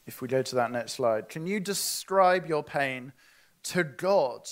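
Man, preacher, earnest, questioning, fairly high-pitched. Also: lively intonation, a little slow. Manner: earnest, questioning the listeners directly. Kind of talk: sermon.

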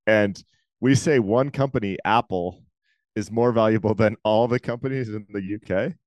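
Low-voiced man, playful podcast banter. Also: normal speed, a little mellow, no echo. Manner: playful, tells jokes with put-on quotes. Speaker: podcast co-host. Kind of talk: casual finance chat.

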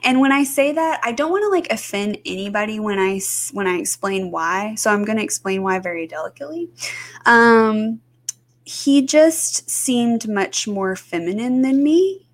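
A woman's voice: mid-range voice, animated, measured pace. A woman co-hosting a podcast, chatting casually with many fillers and restarts. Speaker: podcast co-host. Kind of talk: casual chat.

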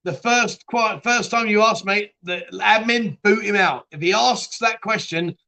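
Casual stream host, man, high and bright, rambling and laughing as he reads comments. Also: unhurried, gravelly. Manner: chatty, laughs often, trails off and restarts. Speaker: live chat show host reading viewer comments. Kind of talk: casual live-stream chat.

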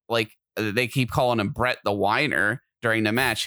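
Excitable guy co-hosting a podcast, rambly and fired up, dry close mic. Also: fairly low pitch, normal speed, few pauses, no room sound. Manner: excitable, gets loud and animated when riled. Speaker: podcast co-host. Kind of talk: casual chat.

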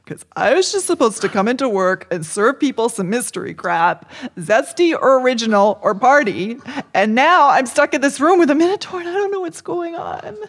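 A woman's voice: medium pitch, very animated, normal speed, vocal fry, hardly any pauses. A woman playing a young female food-stall worker who talks in an anxious, rambling way.

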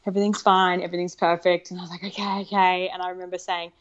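A woman guest telling a personal story in conversation, animated and excited, acting out what people said. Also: lowish voice, quick pace. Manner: animated, excited, acts out quoted dialogue. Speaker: podcast guest. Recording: slightly muffled lo-fi recording.

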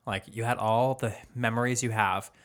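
A man's voice: mid-range voice, steady tone, normal speed, a bit bright. Easygoing male podcast co-host. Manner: easygoing, reflective, laughs easily. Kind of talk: casual chat.

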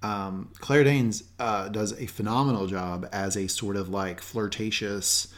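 A man co-hosting a podcast, giving emphatic, animated opinions in casual review chat. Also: lowish voice, a little slow. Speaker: podcast co-host.

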